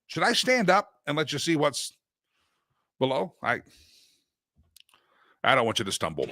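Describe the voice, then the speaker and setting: Bright-voiced, joking male talk-show host. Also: a little high, big pitch swings, normal speed, pauses often. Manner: jokey, laughs at his own jokes; sing-song chanting of a recurring segment line. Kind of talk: casual talk-show monologue.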